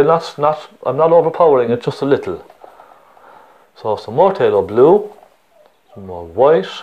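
A man's voice: mid-range voice, a little mellow. A man with a Cork Irish accent teaching a painting lesson step by step, chatty and encouraging, often checking in with the viewer.

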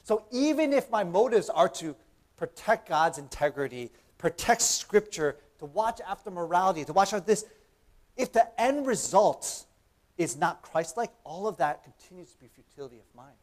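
A man's voice: high-pitched, moderate pace. A young man giving a casual, conversational church sermon, acting out imagined dialogue and often asking "right?". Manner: animated, acts out imagined dialogue, frequent "right?". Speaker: preacher. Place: church sanctuary.

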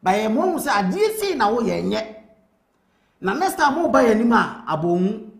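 A man's voice: very high voice, sing-song, moderate pace, creaky, roomy sound. A Ghanaian man hosting a live show, speaking earnestly and urging listeners to speak up for change. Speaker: host. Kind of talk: talk-show monologue.

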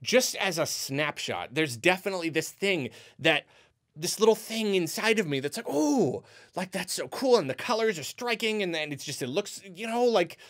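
A man rants through a movie review at a moderate pace, exasperated and rambling. His pitch swings widely as he stumbles over restarts and acts out quoted reactions, and the delivery stays lively and loose the whole way.

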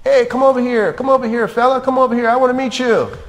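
A man voicing a big, hostile white man who shouts and coaxes in a raised pitch while telling a story. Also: animated, moderate pace, big-room sound. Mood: coaxing. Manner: loud, coaxing then insulting.

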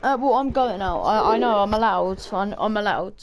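A woman's voice: medium pitch, normal speed, a crowd in the background. A woman chatting casually while gaming, hesitant and stammering, restarting her sentences. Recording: clear background noise.

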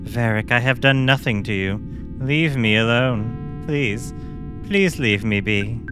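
A man's voice: mid-range voice, takes it slowly, music in the background, lightly acted. A man voicing a pitiful old male scientist turned monster, whiny and pleading. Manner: whiny, pleading, self-pitying.

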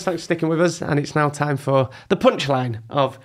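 A man's voice: on the high side, moderate pace, soft background music. A man co-hosting a comedy podcast, bantering teasingly and reading out segments. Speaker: podcast co-host. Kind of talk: casual comedic chat.

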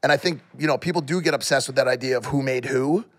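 A man's voice: mid-range voice, fast talker, fairly bright tone. A man co-hosting a casual podcast chat, thinking aloud in long rambling sentences with restarts and casual swearing. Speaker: podcast co-host. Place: podcast studio.

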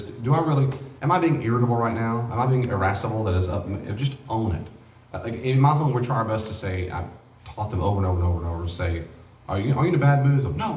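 A man's voice: mid-range voice, darkish tone, a little hiss or hum. A man teaching a church grief class in a folksy, joking way, acting out short quoted exchanges. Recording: roomy hall, voice from a distance.

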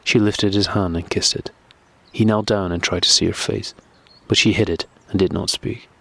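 A man narrating a classic novel audiobook in a steady, measured reading. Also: low-pitched, vocal fry, no room sound.

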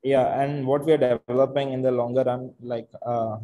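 A man's voice: medium pitch, little pitch movement, moderate pace, dark tone, poor audio. A man in his twenties with an Indian accent, hesitantly presenting his project with many fillers on a video call. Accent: Indian English. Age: 20s. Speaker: startup founder presenting. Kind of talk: casual video call pitch.

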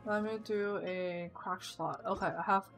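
A young woman streaming a game, thinking aloud and getting loud and excited when things go wrong. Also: on the low side, a little slow, creaky, soft background music. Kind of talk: live gameplay commentary.

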